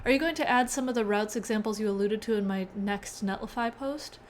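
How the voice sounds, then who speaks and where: Woman, young, casual streamer chat, mid pitch, laughs a lot, faint background hum. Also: brisk. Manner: chatty, reads chat aloud, laughs often. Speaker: live-stream host.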